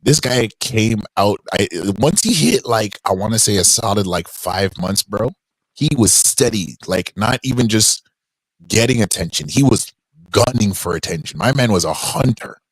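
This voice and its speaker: A man's voice: moderate pace, slightly rough, dry recording, low-quality recording. Man, young adult, slangy storyteller, dry close mic. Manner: animated, slangy, voices quotes in a high pitch. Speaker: podcast host. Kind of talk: casual storytelling on a live stream.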